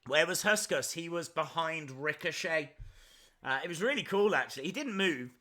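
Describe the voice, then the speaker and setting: A man's voice: a little high, expressive, moderate pace, pushed and bright. A man hosting a live reaction stream, chatting and answering viewer questions as they come in.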